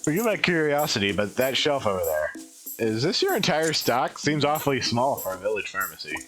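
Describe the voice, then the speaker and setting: A man's voice: mid-range voice, big pitch swings, a little fast, fairly bright tone, soft background music, pitched above the performer's own voice. A man reading the lines of a curious, polite young female dinosaur traveler from a game on a live stream. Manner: polite and inquisitive, plainly read.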